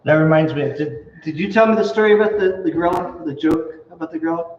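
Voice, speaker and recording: Chatty pastor in an echoey hall. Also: male voice, on the high side, fast, a little mellow. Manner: chatty storyteller, laughs at his own jokes. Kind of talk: casual chat and joke telling. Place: church hall. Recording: echoey hall, far from mic, dull.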